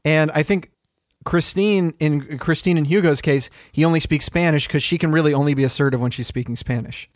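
A man's voice: a little high, fairly quick, dry recording, studio quality. A man in casual podcast chat, telling rambling stories full of swearing. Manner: rambling, profane, animated storytelling.

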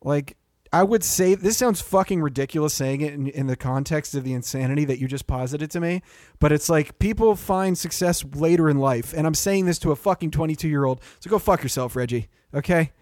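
A man's voice: on the high side, brisk, hardly any pauses, a little mellow, dry recording, studio quality. Profane, ranting podcast co-host man. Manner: profane, mock-angry ranting. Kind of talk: casual comedic banter.

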